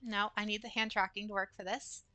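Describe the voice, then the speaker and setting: She's a young adult woman on a gaming stream, rambling to chat and leaning on lots of fillers. Her mid-range voice barely moves in pitch, runs a little fast, and has a sharp tone with no echo.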